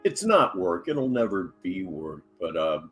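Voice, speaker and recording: Male reaction host, crude and mocking, very lively intonation. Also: low-pitched, a little slow, faint music behind. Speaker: commentary host. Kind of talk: reaction commentary.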